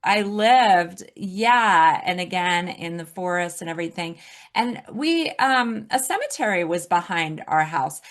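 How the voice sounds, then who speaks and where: A woman's voice: fairly low pitch, lively intonation, a little slow. A woman from Alaska talking as a podcast guest, reflective, often laughing as she speaks. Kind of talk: casual conversation.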